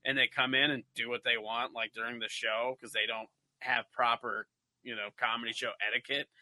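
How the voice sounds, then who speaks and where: A man's voice: medium pitch, a little fast, no echo. A man hosting a comedy podcast, telling stories in casual chat and now and then putting on a mock Minnesota accent. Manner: animated storyteller, slips into mock Minnesota accent. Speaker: podcast host.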